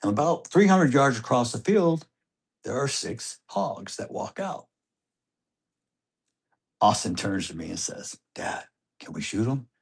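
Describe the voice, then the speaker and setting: A middle-aged father telling a personal story in an interview, animated, moving between hushed tones and loud excitement. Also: mid-range voice, a little slow, vocal fry, long pauses, husky. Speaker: grieving father being interviewed.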